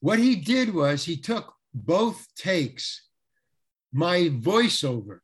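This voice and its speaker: A man, an actor, telling an animated anecdote in an interview, repeating words and acting out the people he quotes. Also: high-pitched, slow, husky.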